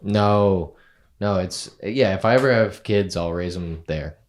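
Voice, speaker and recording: A man co-hosting a podcast in casual chat, dropping wry asides and asking quick follow-up questions. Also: sits low. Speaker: podcast co-host.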